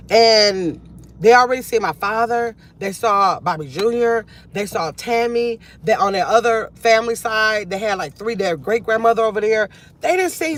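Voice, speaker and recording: High-voiced grandmother musing to her viewers. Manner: rambling, reflective, reads viewer comments aloud. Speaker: livestream host. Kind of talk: casual live chat with viewers.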